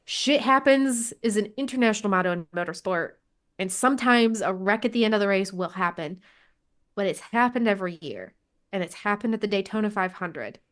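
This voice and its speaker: A woman co-hosts a motorsport podcast over a remote call, talking casually and frankly with plenty of swearing and laughter. Her medium-pitched voice is brisk, with lively intonation.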